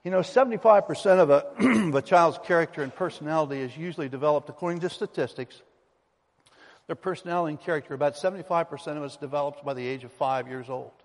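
A male pastor with a fairly high voice and a quick pace preaches to his congregation, telling stories in an emphatic, folksy style. His words ring out with the long reverb of a church sanctuary.

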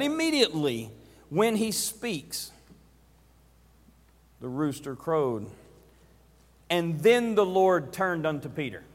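High-voiced male preacher in a reverberant hall. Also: very animated, slow pace, pauses often. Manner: dramatic retelling, acting out scenes. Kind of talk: sermon.

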